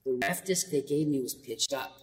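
A man voice actor with a light, high voice, chatting animatedly in an interview and laughing between quick asides. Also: long reverb tail, poor audio. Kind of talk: casual interview storytelling.

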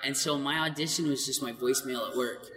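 A man's voice: mid-range voice, fairly quick, distant mic, a loud crowd. A man, a voice actor, telling stories in an interview with lots of laughter. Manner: animated, laughs often. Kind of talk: casual interview storytelling. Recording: echoey hall with faint noise.

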